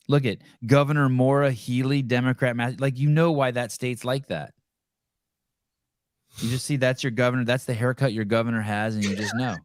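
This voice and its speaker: A man's voice: medium pitch, normal speed, no echo, studio quality. A man hosting a podcast, ranting bluntly and profanely in casual commentary. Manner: blunt, swearing, animated rants. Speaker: podcast host.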